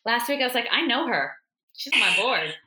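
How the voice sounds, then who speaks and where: A woman's voice: fairly high pitch, lively intonation, normal speed, pushed and bright, roomy sound, a little hiss or hum, rough recording. A woman hosting an interview, affirming and supportive of her guest. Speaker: host. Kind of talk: conversational interview.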